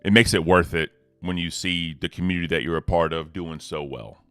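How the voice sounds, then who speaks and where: A man hosting a casual livestream, laid-back and slangy, giving hype shout-outs to the community. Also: low voice, fairly even intonation, brisk, clear, resonant tone, no echo, faint music behind. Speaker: host.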